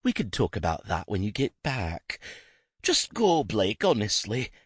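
A man's voice: on the low side, huge pitch swings, a little slow, breathy edge, no room sound, studio quality, pitched above the performer's own voice, exaggerated voice. A man voicing a sly, theatrical woman who fakes a wheezy, coughing illness.

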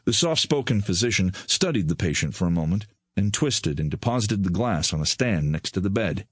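Deep-voiced male audiobook narrator. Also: animated, brisk, hardly any pauses, breathy edge, no room sound, studio quality. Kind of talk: scripted narration.

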